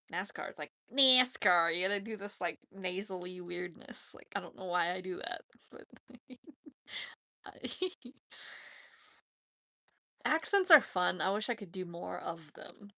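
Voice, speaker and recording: A woman's voice: on the low side, unhurried, gravelly, long pauses, sharp tone, no room sound. A woman hosting her own channel in a casual livestream chat, chatty and giggly, teasing herself as she talks. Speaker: YouTube channel host.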